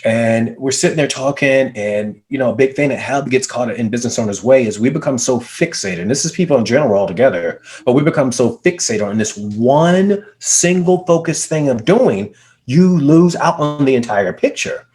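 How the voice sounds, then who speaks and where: Energetic male business coach telling stories. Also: mid-range voice, moderate pace. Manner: energetic, emphatic, repeats words for effect. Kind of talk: conversational storytelling. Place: video call.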